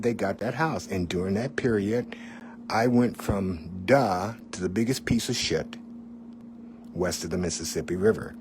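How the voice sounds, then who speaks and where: A middle-aged man with a low-pitched voice tells a personal story. He talks candidly and conversationally, and keeps turning to the listener with little asides. A faint hiss sits under his voice. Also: darkish tone. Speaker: former TV weatherman.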